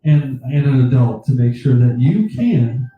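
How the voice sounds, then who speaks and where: A man co-hosting a comedy show, tossing in playful quips with big jumps in pitch. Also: lively intonation, measured pace, far from the mic, narrow, tinny audio, a little hiss or hum. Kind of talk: improvised comedy banter. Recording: very echoey, off-mic.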